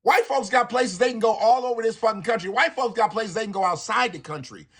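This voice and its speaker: A man hosting a live stream, ranting in a profane, animated way with laughing asides. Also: sits high, quick pace, slightly rough. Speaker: livestream host. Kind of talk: live commentary rant.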